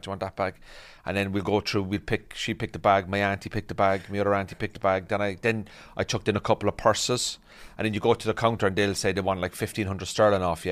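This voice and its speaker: A man in casual podcast chat, telling slangy anecdotes. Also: fairly low pitch. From Ireland. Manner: animated storyteller, slangy. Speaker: podcast host.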